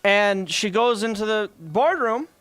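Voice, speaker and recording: A man's voice: sits high, lively intonation, unhurried, a bit bright, no echo, soft background music. A man streaming, telling a rambling workplace story in casual chat, full of profanity, fillers and asides.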